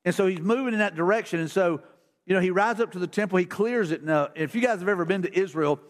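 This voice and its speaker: High-voiced folksy pastor. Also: male voice, fast talker. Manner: casual, folksy, repeats words and restarts. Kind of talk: conversational sermon. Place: church sanctuary.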